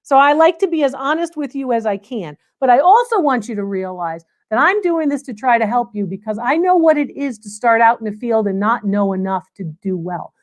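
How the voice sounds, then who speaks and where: A woman's voice: on the high side, animated, brisk, hardly any pauses. A woman hosting a live antiques Q&A, chatting to viewers in an emphatic way and repeating phrases for stress. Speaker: antiques appraiser and livestream host. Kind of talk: live Q&A chat reading viewer comments.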